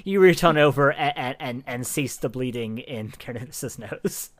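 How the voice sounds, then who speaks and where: A man narrating a tabletop role-playing game as game master, talking in halting bursts full of fillers and restarts. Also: medium pitch.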